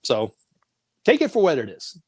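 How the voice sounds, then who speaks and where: A man's voice: a little high, huge pitch swings, normal speed, husky, dry recording. A man talking as a guest on a talk show, telling stories casually and acting out the voices of the people in them, laughing often.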